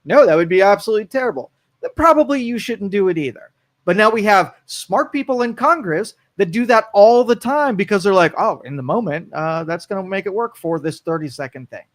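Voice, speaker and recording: A man's voice: high-pitched, lively intonation, brisk, no echo. A man co-hosting a local talk radio show, blunt and opinionated, repeating points for emphasis. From Ohio. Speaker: co-host. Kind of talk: casual talk radio chat.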